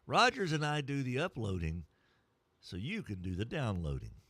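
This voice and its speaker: A man's voice: medium pitch, huge pitch swings, moderate pace, a bit bright, no echo. A man hosting a morning sports radio show, joking his way through live ad reads. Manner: playful, jokey, mock-whispers and funny voices during ad reads.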